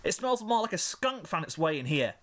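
Squeaky young unicorn filly, prim, whiny. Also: male voice, very animated, brisk, fairly bright tone. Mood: grossed out. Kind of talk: fanfiction reading.

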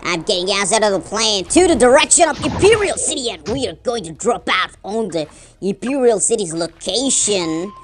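A woman's voice: medium pitch, lively intonation, normal speed, a little hiss or hum. A woman giving rambling casual commentary while playing a game, often correcting her own slips. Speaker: gamer.

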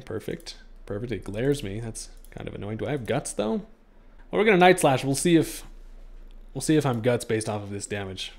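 A man's voice: medium pitch, creaky. A young man giving playful let's-play commentary on a game, joking with the creatures he tries to catch. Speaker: gaming streamer.

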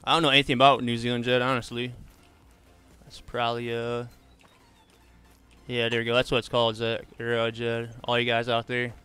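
A man's voice: medium pitch, completely flat delivery, brisk, long pauses, sharp tone, clear, resonant tone. A man doing casual live gaming commentary, chatting easily with viewers and tossing in "man" and "bro" all the time. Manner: laid-back, drawls "man" and "bro" often. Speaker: streamer.

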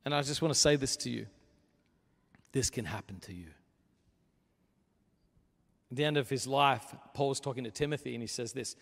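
A male pastor delivers a sermon in a church sanctuary. He talks earnestly and conversationally, then builds to forceful emphasis, with a gravelly texture at the low end of his voice. His words hang in the long reverb of a large hall. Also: normal speed, long pauses.

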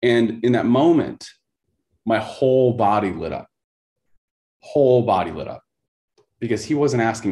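A coach guesting on a podcast has a lowish, darkish voice that is animated, at normal speed with frequent pauses. He recounts stories intensely in conversational interview style, hammering points by repeating phrases.

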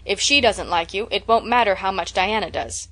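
A woman doing a stern, brisk spinster. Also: mid-range voice, a bit bright, lightly acted. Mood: scolding. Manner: brisk, scolding. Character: stern, practical middle-aged spinster.

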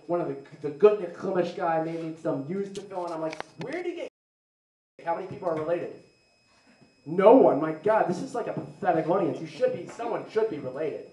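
A young adult man doing a rambling, self-deprecating stand-up comedy set, slipping into quick put-on voices of the people he mocks. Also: fairly high pitch, lively intonation, dark tone. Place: live comedy venue with audience. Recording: roomy live venue, mic picked up from a distance.

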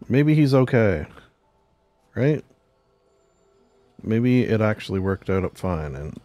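A man's voice: fairly low pitch, dark tone, no room sound. A man giving casual, joking gameplay commentary, rambling and talking back to the game characters. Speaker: game streamer.

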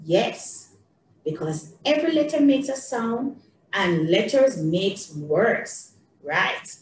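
Here a woman teacher addresses young children in a slow, encouraging singsong at medium pitch, her intonation lively. She is far from the mic in an echoey space, and faint noise sits in the background.

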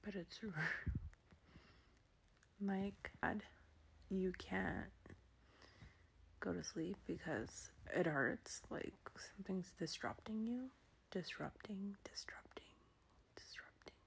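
A woman in her thirties vlogging from a doctor's procedure room, talking softly and often in a whisper, halting with fillers, in pain and a little out of breath. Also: medium pitch, creaky, breathy edge. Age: 30s. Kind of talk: personal vlog.

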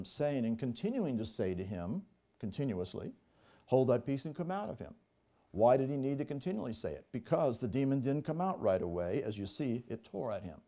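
A pastor teaching from the pulpit, his pitch rising and falling freely as he drives each point home. His voice is mellow and warm rather than bright, and he reads scripture aloud before unpacking it with emphatic explanation. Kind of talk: teaching sermon. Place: church service.

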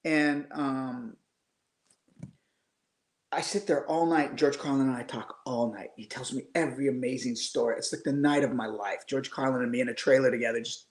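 A man in his fifties, a guest musician, telling animated anecdotes casually over a video call, with frequent restarts. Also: medium pitch. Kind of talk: casual storytelling. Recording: echoey room.

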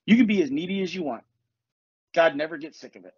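A man's voice: fairly high pitch, expressive, fast talker, darkish tone, slightly rough, no echo, muffled recording. A man hosting a podcast, talking casually and bluntly with lots of swearing, as a life coach. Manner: blunt, profane, confessional. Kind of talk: casual chat.

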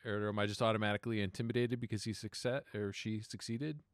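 A man's voice: on the low side, no room sound, clean studio sound. A man playing a tabletop game, joking and asking questions. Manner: animated, joking, quick to laugh. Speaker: player. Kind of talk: casual tabletop game play.

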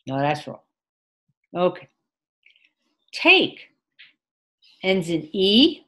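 A woman with a low-set voice teaching an English lesson online. She talks slowly and patiently, repeats each key word and slips in short Mandarin translations for her students. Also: sing-song, sharp tone. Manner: patient, repeats words and gives Mandarin glosses. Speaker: ESL teacher. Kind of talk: online class lesson with screen sharing.

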